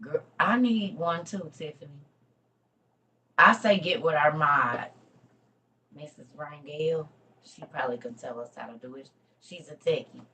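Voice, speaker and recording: Woman host with a low-set voice, chatting casually to her livestream viewers, swinging from loud to murmured. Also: measured pace, pauses often, a little hiss or hum.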